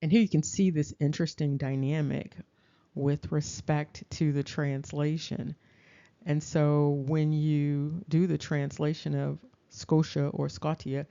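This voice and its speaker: A woman giving a deliberate lecture over slides, pausing to check in with her listeners. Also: low voice, little pitch movement, mellow. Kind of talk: slow explanatory lecture. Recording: dull lo-fi recording.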